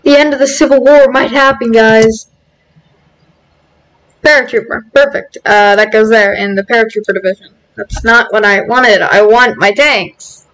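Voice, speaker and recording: A woman hosting a strategy game let's-play, excitable and bursting into cheers and shouts. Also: fairly high pitch, moderate pace, poor audio. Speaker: gaming video host.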